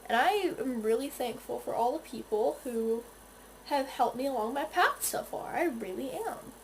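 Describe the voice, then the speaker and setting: Teen girl rambling through her makeup routine on a phone cam in her room, kinda high voice. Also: expressive, moderate pace, gravelly, very noisy. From North Carolina. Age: teens. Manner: chatty and rambling, many restarts and quoted asides. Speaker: beauty vlogger. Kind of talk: casual vlog chat while doing makeup. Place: her bedroom. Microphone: phone camera.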